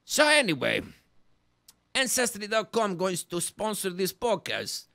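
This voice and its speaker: Brash greek-accented dad rant, a man doing the voice, swoops up and down a lot, shouty, broken english. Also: high-pitched, sing-song, a little slow, vocal fry, no room sound, exaggerated voice. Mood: boastful. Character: loud boastful middle-aged Greek immigrant dad. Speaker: podcast host. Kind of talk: comedic character monologue.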